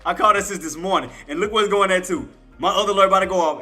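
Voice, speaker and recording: A man's voice: high-pitched, racing, sharp tone, soft background music. A man hosting a day-trading live stream, chatting casually and teasing playfully, laughing often.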